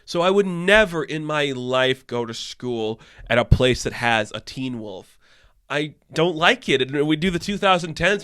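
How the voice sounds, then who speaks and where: A man's voice: fairly high pitch, a bit bright, no echo, studio quality. Profane, exasperated young man ranting. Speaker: podcast host. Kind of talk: casual ranting commentary.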